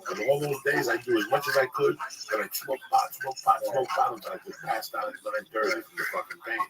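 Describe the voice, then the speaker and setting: Gravelly man telling a heated, profane story. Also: mid-range voice, big pitch swings, brisk. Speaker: stand-up comedian. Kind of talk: casual storytelling chat. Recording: distant mic with loud background noise.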